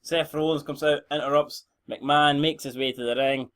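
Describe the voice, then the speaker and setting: A man's voice: on the high side, steady tone, normal speed, a bit bright. A young Scottish man giving rambling, blunt, sweary commentary on a game he is playing. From Scotland. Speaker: gaming channel host.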